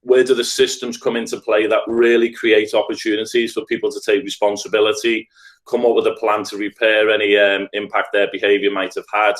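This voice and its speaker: A middle-aged man from Liverpool with a Scouse accent appears as a guest on a reflective podcast, working as a restorative practice trainer. His deep-ish voice is level in tone and brisk, and he speaks earnestly and thoughtfully, building his points in lists.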